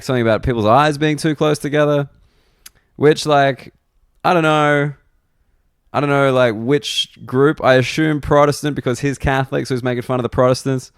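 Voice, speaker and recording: A man's voice: mid-range voice, clear, resonant tone, no echo. A young Australian man, a comedian hosting a solo podcast, rambling wryly and self-deprecatingly with lots of fillers into a close mic. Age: young adult. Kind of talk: casual solo podcast monologue.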